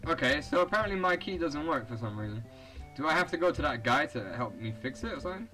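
A man's voice: a little high, very animated, quick pace, music in the background, low-quality recording. A young man giving casual, profane commentary over a video game, reading its text aloud and laughing often. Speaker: let's play host.

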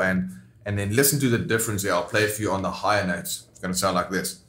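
A man's voice: fairly low pitch, brisk, reverberant, noisy background. A man teaching rhythm guitar, explaining steps plainly and counting beats aloud. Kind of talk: instructional lesson.

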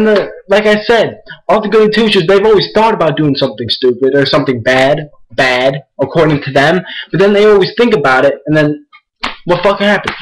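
A teenage boy vents to his own camera, his voice pitched slightly high. He swears constantly and circles back to the same complaints. He sounds agitated and combative the whole way through. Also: poor audio. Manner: profane, repetitive, agitated. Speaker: vlogger. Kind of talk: angry rant to camera.

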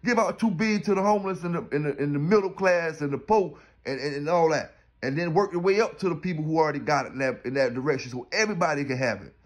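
A man from South Carolina, rambling and preaching in streetwise slang in a casual vlog. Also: a little high. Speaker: dog kennel owner.

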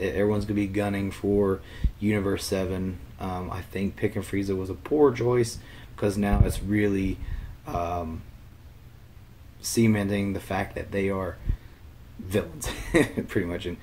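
A man with a deep, low voice talks loosely through a show episode, stopping and restarting with plenty of ums. He sounds a little under the weather. The recording is made on a computer mic and carries a faint hiss. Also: darkish tone. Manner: rambling, many fillers and restarts. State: under the weather, slightly ill. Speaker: channel host. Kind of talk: casual episode discussion. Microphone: computer webcam mic.

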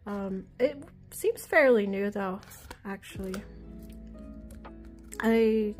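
A chatty woman talks casually as she flips through a deck of cards, laughing easily and drifting off into side stories. Her voice sits at a middle pitch, and faint music plays under her talk. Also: slow pace, darkish tone. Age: adult with a child. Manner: chatty, giggly, self-deprecating, easily sidetracked. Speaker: oracle deck reviewer. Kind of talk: casual chat while flipping through cards.

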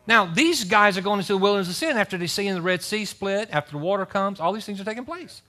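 Animated high-voiced male preacher. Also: fast talker. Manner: animated preaching, reads scripture aloud with asides. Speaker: pastor. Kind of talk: sermon. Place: church service.

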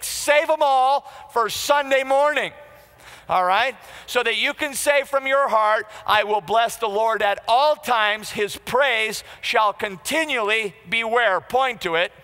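A man's voice: very high voice, bright, forceful tone, in a large hall. A man preaching a sermon to a congregation, emphatic and conversational, asking the listeners questions and acting out quoted remarks. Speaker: pastor.

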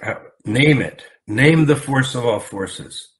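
A man's voice: medium pitch, lively intonation, slow. A man teaching a casual Bible lesson, explaining word meanings conversationally with asides and rhetorical questions.

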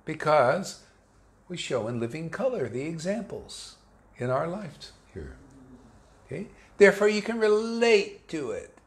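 Animated man giving a casual sermon. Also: on the high side. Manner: animated, mocking, acts out quoted voices; slangy, conversational. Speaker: spiritual teacher. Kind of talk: informal sermon to devotees.

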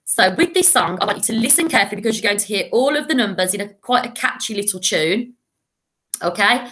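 A woman teaching a remote lesson to young children, drilling words patiently with clear call-and-repeat. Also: mid-range voice, expressive, fast, bright, forceful tone. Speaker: primary school teacher.

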